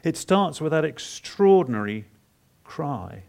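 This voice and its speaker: Gravelly-voiced preacher, dramatic and halting. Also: male voice, on the high side, lively intonation. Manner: dramatic first-person retelling of a psalm; halting, repeats words for emphasis. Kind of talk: expository sermon.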